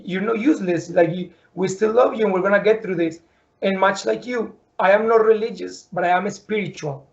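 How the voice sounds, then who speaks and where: An earnest man hosting a heartfelt interview, his voice pitched high with a gravelly edge. He stumbles and repeats words as he talks. The audio sounds dull and lo-fi. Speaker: podcast host. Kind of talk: emotional interview conversation.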